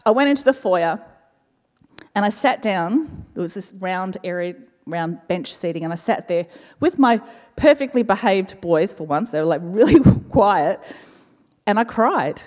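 Woman, fifties, pastor, sermon, expressive, emphatic repetition, long hall reverb. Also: medium pitch. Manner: expressive storyteller, slows and repeats for emphasis. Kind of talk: sermon with personal story. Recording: reverberant church hall with faint music.

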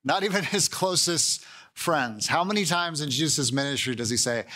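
A man preaching a conversational sermon, acting out quoted voices with lively shifts in tone. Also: on the high side, normal speed. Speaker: pastor.

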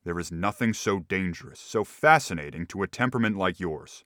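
A calm, condescending husband and physician, soothing in a patronizing way, as a male reader puts him on. The voice sits low, and the recording is dry and close. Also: brisk, no echo.

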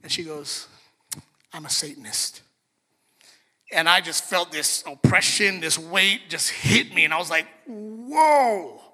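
A male pastor preaching a sermon, telling a story with lively, acted-out quotes. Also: fairly high pitch, unhurried, pauses often, slightly rough. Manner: animated storyteller, acts out quotes. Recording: long reverb of a large hall, soft music behind.

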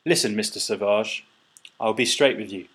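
A man's voice: lowish voice, moderate pace, fairly bright tone, breathy edge. A man voicing a stubborn, tetchy male French pigeon who talks straight. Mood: persuasive.

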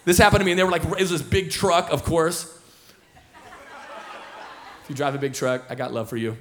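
With a fairly high, steady, slightly bright voice, a senior pastor in his thirties preaches fairly quickly to his church. The sermon, given in the church auditorium, wanders through stories with many fillers and repeated starts, and there's slight background noise.

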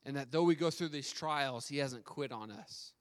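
A man's voice: medium pitch, normal speed. A man preaching a sermon, telling a story and asking his listeners direct questions. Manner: storytelling, asks the audience questions, stammers on restarts. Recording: long hall reverb.

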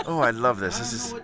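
A man's voice: mid-range voice, pitched below the performer's own voice. A man putting on a posh English author. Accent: put-on English. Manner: theatrical, calls people darling. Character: flamboyant self-important English man author.

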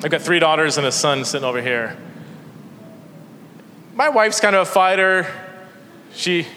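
Bright-voiced man preaching in reverberant church. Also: on the high side, moderate pace, slight background noise. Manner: energetic storytelling with self-deprecating humor. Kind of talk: sermon. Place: church sanctuary. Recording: long church hall reverb.

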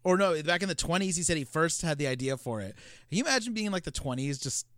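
A man's voice: on the high side, expressive, quick pace, a bit bright, no room sound, studio quality. A man co-hosting a film podcast, talking casually with many filler words. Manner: chatty, many "like" and "you know" fillers. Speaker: podcast co-host.

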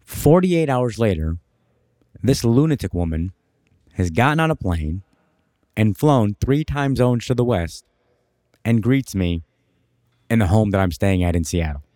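A young man co-hosting a podcast, telling a personal story in an animated, emphatic way. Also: on the low side, a little slow, pauses often, dry recording, clean studio sound. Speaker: podcast co-host. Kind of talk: casual storytelling.

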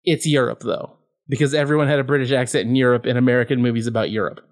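A man's voice: medium pitch, fairly even intonation, fast. A man co-hosting a podcast, recapping a movie in casual, sarcastic, profane chat and laughing often. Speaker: podcast co-host.

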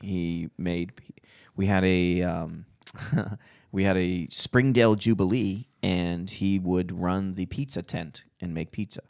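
A man's voice: sits low, steady tone, slow, creaky, darkish tone, no echo, clean studio sound. A man hosting a comedy podcast, telling a rambling family story with frequent laughs and restarts. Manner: rambling, laughs often, restarts mid-sentence. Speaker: podcast host.

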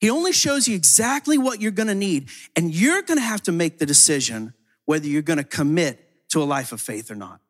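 Man preaching in casual storytelling. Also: medium pitch. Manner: casual storytelling with frequent "like" fillers and repeated words. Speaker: ministry leader. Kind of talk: sermon testimony.

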